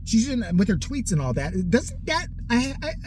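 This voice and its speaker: A man's voice: extremely high pitch, very animated, moderate pace, noisy background. A man in his forties delivering a profane, mocking comedic rant in a heated way. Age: 40s. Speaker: comedic ranter.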